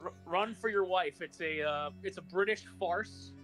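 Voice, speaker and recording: A man's voice: high-pitched, moderate pace, fairly bright tone, soft background music. A man chatting casually on a live stream, telling stories with laughs. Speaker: theater actor and co-host.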